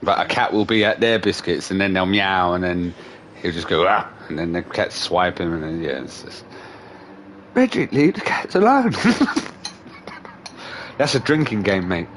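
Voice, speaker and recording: A man's voice: sits low, a little fast, noisy background. A young man, a livestream host, telling stories in casual chat, laughing often and swearing freely. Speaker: streamer host.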